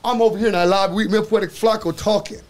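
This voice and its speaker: A man's voice: sits high, fairly even intonation, racing, darkish tone. A man in a casual podcast chat, telling a story animatedly with profane slang and acting out what others said.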